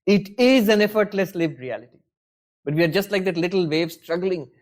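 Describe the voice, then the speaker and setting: A man's voice: high voice, fairly quick. A man giving a conversational lecture on scripture as a spiritual teacher, wry and full of rhetorical questions.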